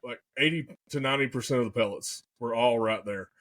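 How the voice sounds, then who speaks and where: A young man, excitedly telling a hunting story in casual podcast chat, full of folksy slang. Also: mid-range voice, brisk.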